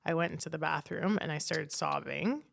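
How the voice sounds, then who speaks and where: Gravelly low-voiced woman telling a candid story. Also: normal speed, a bit bright. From Canada. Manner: frank, peppered with "like", swears casually. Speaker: podcast guest.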